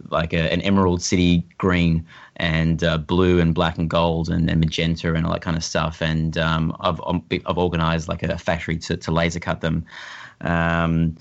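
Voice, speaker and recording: A man's voice: sits low, monotone, normal speed, creaky, muffled recording. An Australian man chatting casually as a podcast guest, rambling with lots of fillers and restarts.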